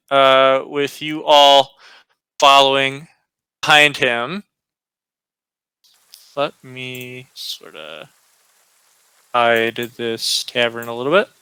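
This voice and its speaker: A man's voice: medium pitch, little pitch movement, extremely slow, pauses often, bright, forceful tone, smooth, no room sound, poor audio. A man narrating a tabletop game as game master, hesitant with many fillers.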